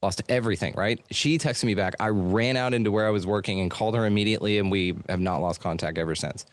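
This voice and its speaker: A man's voice: on the low side, quick pace, dry recording. A middle-aged man chatting casually about his life as a podcast host, loose and profane, with lots of fillers, in a treated home studio. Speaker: podcast host being interviewed. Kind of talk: casual storytelling chat.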